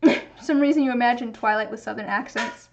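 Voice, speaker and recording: Brisk and gravelly, this slightly high female voice comes through dull audio. She's a Pacific Northwest woman with a light regional American accent, chatting casually while streaming her crafting, rambling and frequently restarting.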